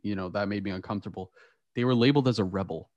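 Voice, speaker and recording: Talking very fast in a lowish voice, this young podcast host tells stories in a casual chat, animated and laughing frequently. The audio is dull but has no echo.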